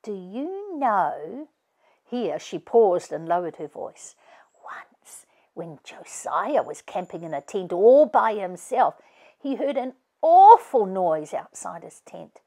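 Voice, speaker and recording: A woman reading aloud, voicing a lively young girl who teases her younger brothers. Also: mid-range voice, slow pace, heavily acted. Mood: teasing.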